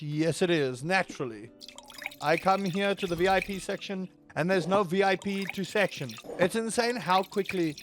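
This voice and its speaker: Playful man commenting on a game. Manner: playful, theatrical, bursts into high panicked yelps. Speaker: gaming video creator. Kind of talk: let's play commentary.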